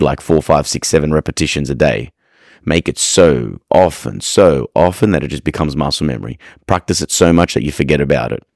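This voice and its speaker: A man talks through dog-training advice in a frank, rambling way, often circling back and restarting his sentences. His voice sits extremely low. The recording is dry and close, with no room sound. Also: no room sound. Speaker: dog trainer, podcast host. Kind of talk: casual advice monologue.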